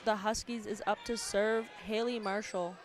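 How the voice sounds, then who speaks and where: A woman's voice: medium pitch, fairly even intonation, moderate pace. A woman calling a volleyball game play by play, naming each server and point as it happens. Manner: plain, calls serves and points by player number and name. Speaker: play-by-play commentator. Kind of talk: live volleyball commentary. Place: indoor gym. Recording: commentary over loud gym crowd and noise.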